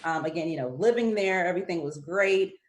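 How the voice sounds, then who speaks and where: A woman's voice: on the low side, a little fast. Hesitant American woman, thoughtful chat. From United States. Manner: thoughtful, hesitant, many fillers. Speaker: guest. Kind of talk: casual chat.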